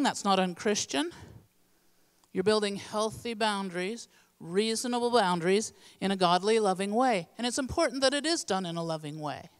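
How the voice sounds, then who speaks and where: A woman's voice: mid-range voice, in a large hall. A woman giving a midweek church teaching in an earnest, plainspoken, practical way. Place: church sanctuary.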